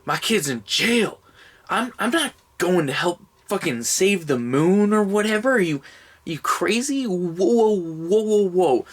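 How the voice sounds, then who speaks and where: A man putting on a higher voice to mock a reluctant, exasperated male astronaut hero, incredulous and sweary. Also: lively intonation, a little slow. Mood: indignant.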